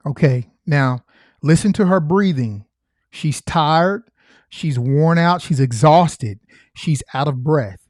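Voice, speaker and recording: A man talks through footage as a former state trooper, earnest and emphatic, repeating his key points. His voice sits a little high. The sound is dry and close, with no room around it. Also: animated, slow pace, darkish tone, no echo. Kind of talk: reaction commentary.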